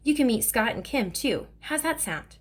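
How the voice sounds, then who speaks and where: A woman's voice: a little high, lively intonation, moderate pace. A woman reading as a kindly, scolding mother. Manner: warm with the child, sharp with her father. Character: kind but scolding grown woman, a mother.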